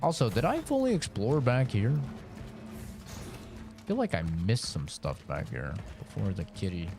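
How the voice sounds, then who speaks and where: A man's voice: lowish voice, wildly swooping pitch, normal speed, gravelly, over music. A man streaming a game, chatting in a rambling, casual way full of fillers. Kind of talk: live-stream gaming commentary.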